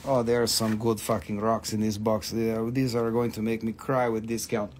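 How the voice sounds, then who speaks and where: A man's voice: fairly low pitch, flat delivery, normal speed, darkish tone, a little hiss or hum. A man hosting a live sale of rocks and crystals, chatting casually with profane, teasing jokes. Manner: joking, profane, teasing banter; trails off with repeated fillers when flustered. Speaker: host selling rocks and crystals on a live stream. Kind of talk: casual live sales chat.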